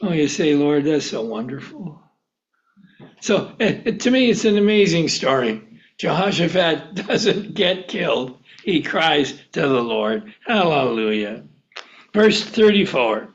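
A man's voice: a little high, lively intonation, a little slow. A man teaching a Bible lesson, asking the group questions and chuckling often. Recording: dull lo-fi recording.

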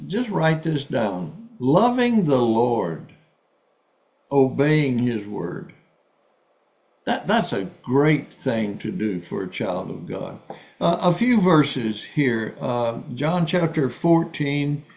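Man preaching real slow, earnest, stumbles and repeats words, muffled lo-fi audio. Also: mid-range voice, a little mellow. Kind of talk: sermon. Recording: dull lo-fi sound.

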